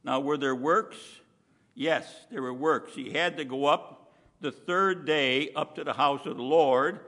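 A man with a somewhat high, gravelly voice preaches a sermon, heard with a long hall reverb. He talks in a conversational, emphatic way, dropping in asides to the listeners and slowing down to lean on key words. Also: pushed and bright.

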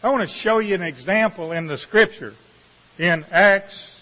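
A man preaching a sermon, reading scripture slowly with dramatic pauses before explaining it with dry asides. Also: sits high, bright, forceful tone. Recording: muffled, reverberant hall sound.

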